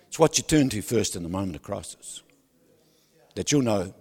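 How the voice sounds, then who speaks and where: A man preaching a sermon, loud and animated, who keeps asking the crowd for agreement and drops joking asides with laughs. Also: on the low side, fairly quick, vocal fry, husky. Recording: long hall reverb.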